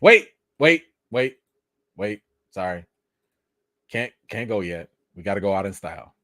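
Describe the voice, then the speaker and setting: A man hosting a casual live-stream chat, thanking viewers and reacting to news, animated and excitable. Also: measured pace, no echo. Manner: animated, jumps high when excited, addresses chat directly.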